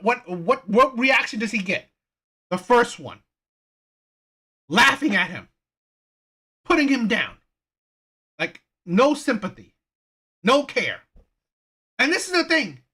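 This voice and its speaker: A man giving heated reaction commentary with a bright, forceful edge. He repeats himself, swears freely and hammers every point as he rants. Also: very high voice, breathy edge. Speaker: reaction channel host. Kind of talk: ranting video commentary.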